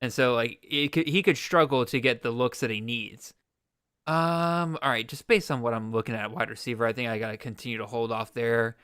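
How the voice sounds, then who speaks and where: A man's voice: mid-range voice, fairly quick, a bit bright, smooth, no room sound, clean studio sound. A man hosting a live-streamed fantasy draft, thinking aloud with restarts and playful mock exasperation. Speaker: podcast host.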